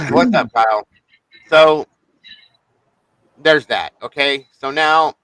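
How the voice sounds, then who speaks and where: A man's voice: mid-range voice, a bit bright, rough recording. A man hosting a live stream, ranting in an irritated, profane, rambling way to his viewers. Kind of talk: casual live-stream rant.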